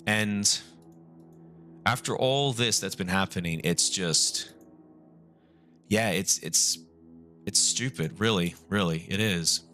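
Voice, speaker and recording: Remorseful young man streaming, bright-toned. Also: deep voice, soft background music. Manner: halting, remorseful, repeats and restarts; swears often. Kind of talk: casual live-stream talk.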